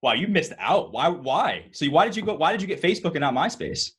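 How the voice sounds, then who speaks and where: A man in his thirties co-hosting a podcast, chatting casually in a quick, rambling, joking way. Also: a little high, sing-song, a bit bright, breathy edge. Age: 30s. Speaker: podcast co-host. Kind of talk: casual chat.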